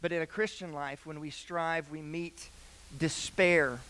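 A young man preaching a sermon in a church, moving from a hushed prayer into earnest personal storytelling. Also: on the high side, fairly even intonation, a little slow. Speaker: pastor. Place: church sanctuary.

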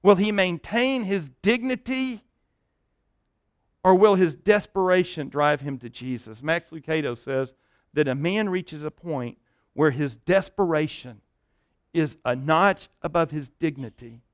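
A fairly high-voiced man preaching a sermon from a pulpit. He tells the story with rising energy and falls to a soft hush at the tender parts, often stumbling over repeated words. The sound is dry and close, with no room echo. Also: a little slow, clean tone. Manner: animated storytelling, dropping to a hush for tender moments; repeats words and restarts while thinking aloud. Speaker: pastor.

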